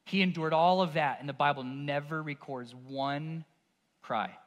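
A male pastor preaching a sermon, with a voice that sits a little high for a man. His delivery is intense. It drops to near-hushed, weighty passages, then builds to forceful, emphatic peaks. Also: measured pace.

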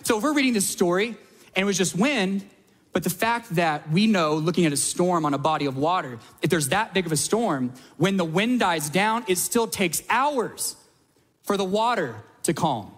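A man in his thirties preaching a sermon, telling lively stories and acting out little asides. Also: high voice, normal speed, long reverb tail. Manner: energetic storytelling with acted-out asides. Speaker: pastor.

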